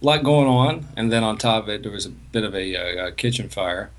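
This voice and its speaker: A man co-hosting a podcast, telling a story in rambling, halting sentences that trail off into quiet fillers. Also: fairly low pitch. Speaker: podcast co-host. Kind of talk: casual chat.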